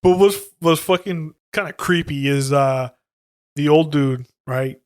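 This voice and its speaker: A man's voice: measured pace, no echo, studio quality. A man co-hosting a podcast, casually recapping horror stories in slang and muttering the characters' lines. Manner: laid-back, slangy, voices characters in low mutters. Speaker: podcast co-host. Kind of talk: casual profane chat.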